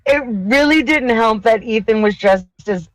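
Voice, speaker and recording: A woman's voice: a little high, measured pace, dry recording, rough recording. A woman co-hosting a live-streamed chat show, talking emphatically and bluntly, swearing freely and laughing often. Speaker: podcast co-host.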